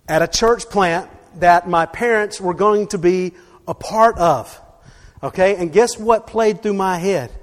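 High-voiced man preaching in a reverberant hall. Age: 40s. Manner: storytelling with frequent "okay?" check-ins. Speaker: pastor. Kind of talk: sermon.

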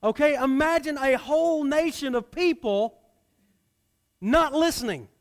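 A pastor with a fairly high voice preaches a Sunday sermon to his congregation at a measured pace. He's animated, pressing some lines loudly and dropping others into a low, quiet murmur.

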